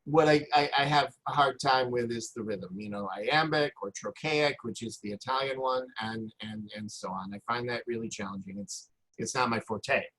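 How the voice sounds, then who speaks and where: A man's voice: mid-range voice, moderate pace, a bit bright, poor audio. A man teaching a recorded lesson at his computer, rambling and hesitant, with frequent fillers and restarts. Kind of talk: recorded lecture.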